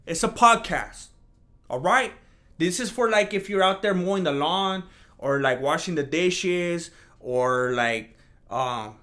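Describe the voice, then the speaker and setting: Rambling, animated man hosting a podcast. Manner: rambling, animated, mocks imagined critics in a higher voice. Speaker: podcast host. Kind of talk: casual solo podcast chat.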